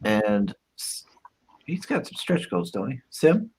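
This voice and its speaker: A male host running a casual livestream, his voice swinging lively up and down in pitch. He chats in an upbeat way while going through campaign updates. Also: slow, a little hiss or hum.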